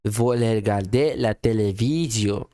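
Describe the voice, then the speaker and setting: A man's voice: fairly low pitch, unhurried, warm tone. Male streamer, casual and self-deprecating, repeats lines, swears, laughs a lot. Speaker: streamer reacting to a French lesson. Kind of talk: casual live-stream reaction.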